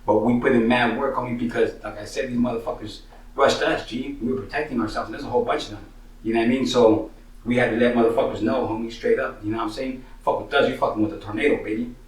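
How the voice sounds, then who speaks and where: Fast-talking street storyteller. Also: male voice, mid-range voice, fairly even intonation. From San Jose, Northern California. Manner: profane, slangy, sprinkles "money" and "you know what I'm saying". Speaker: rapper telling his own stories. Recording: roomy, distant mic.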